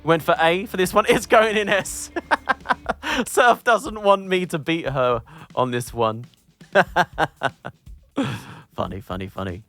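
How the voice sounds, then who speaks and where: A man's voice: fairly high pitch, expressive, takes it slowly, pauses often, a bit bright, dry recording, faint music behind. A man reviewing an album in casual group chat, enthusiastic and rambling, with many fillers.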